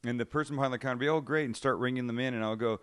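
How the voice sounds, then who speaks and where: A man hosting a relaxed studio chat show. He talks in a self-deprecating, animated way, acting out little scenes in borrowed voices. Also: medium pitch, very fast, smooth. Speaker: show host.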